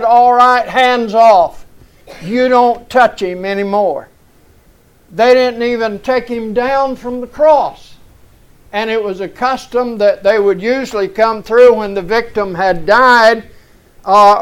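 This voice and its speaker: A male preacher delivering a sermon with a high, clear, resonant voice. He takes his time, leaning hard on each phrase and rising to loud, fervent peaks. Small chuckles slip into his preaching. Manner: slow, emphatic preaching that rises and shouts at climaxes, with chuckles.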